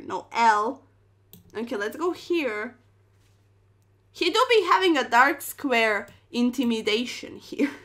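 A woman's voice: on the high side, fairly bright tone. A young woman streaming chess, commentating her moves with playful slang and dramatic exclamations.

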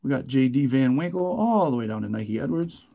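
A man hosting a live card break, chatting casually and joking, getting loud and excited. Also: mid-range voice, brisk, creaky. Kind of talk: live stream break commentary.

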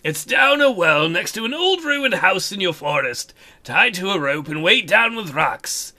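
A man voicing a humble male thrall and former outlaw in a video game, speaking softly and slowly with a pleading tone. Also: high-pitched, big pitch swings, full character voice. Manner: soft, slow, pleading.

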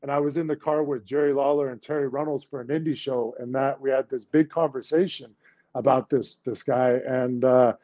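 A man's voice: mid-range voice, fairly even intonation, fairly quick, warm tone, dull audio. A man wrestler chatting loosely about what he saw and heard. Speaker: wrestler guest. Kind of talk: casual interview talk.

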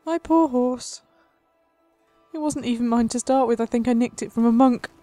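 A woman's voice: fairly high pitch, steady tone, quick pace, mellow, no echo, faint music behind. A woman hosting a let's play, commenting on the game in a playful mock-dramatic way and laughing often. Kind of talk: gameplay commentary.

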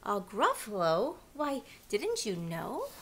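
A woman's voice: mid-range voice, wildly swooping pitch, takes it slowly, a bit bright, exaggerated voice. A woman voicing a small, clever brown mouse in a picture-book reading, speaking boldly and emphatically. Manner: bold and emphatic.

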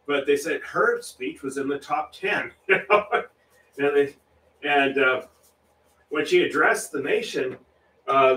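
A man's voice: fairly high pitch, fairly bright tone, far from the mic. A man chatting casually while he paints on a livestream, rambling with frequent restarts and chuckles. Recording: roomy echo, voice a little off-mic, faint room noise.

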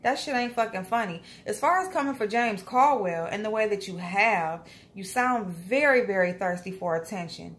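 A woman's voice: medium pitch, animated, normal speed, few pauses, fairly bright tone. A young woman, giving a blunt, scolding, profane commentary rant in a casual vlog. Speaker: commentary vlogger.

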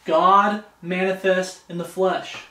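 A man with a fairly high voice preaches verse by verse, reading scripture aloud and pausing to ask "okay?" His voice rings around an echoey room. He sounds some way off from the mic. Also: level tone, bright, forceful tone, recorded from a distance. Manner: reads scripture aloud, keeps checking in with "Okay?". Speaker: pastor. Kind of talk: expository Bible sermon.

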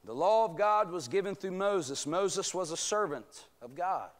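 A man with a high-sitting voice and lively intonation preaches at a measured pace during a church Bible study. This pastor is emphatic and rhetorical, prompting calls of amen from the congregation, and the clip was recorded in the sanctuary.

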